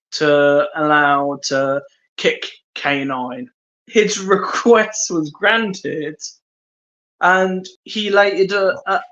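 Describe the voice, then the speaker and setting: Podcast co-host, male, slow and hesitant trivia reader, muffled lo-fi audio. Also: on the high side, a bit bright. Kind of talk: casual chat.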